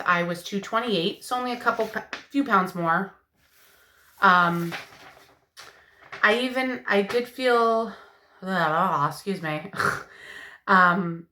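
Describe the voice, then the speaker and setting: A woman in her thirties giving a candid personal vlog update, talking in a halting way with many fillers and sounding emotional. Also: mid-range voice, sharp tone, echoey room. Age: 30s. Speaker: vlogger.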